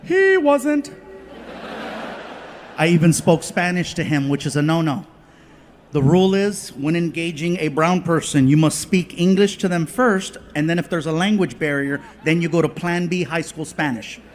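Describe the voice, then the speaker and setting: A man doing stand-up comedy, telling stories in an animated, playful way and slipping into voices. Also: fairly high pitch, moderate pace, slight background noise. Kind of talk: stand-up storytelling.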